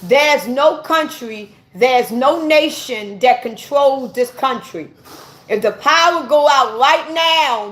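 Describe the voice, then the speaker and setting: A woman's voice: high-pitched, lively intonation, slow pace, a bit bright. A woman from the United States giving an impassioned, profane, preachy rant straight to her viewers. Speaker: vlogger. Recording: echoey room.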